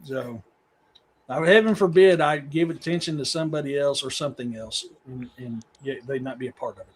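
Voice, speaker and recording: A man's voice: medium pitch, normal speed, a little hiss or hum. A middle-aged man from Missouri, a podcast guest who tells long rambling stories in casual chat. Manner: rambling storyteller, talks to his dogs mid-sentence.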